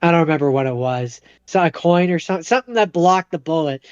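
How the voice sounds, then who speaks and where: A man's voice: on the high side, smooth, dry recording, highs cut off. A man co-hosting a podcast, casually retelling a movie plot and briefly acting out its characters. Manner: animated retelling, acting out characters in quick impressions. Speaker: podcast co-host.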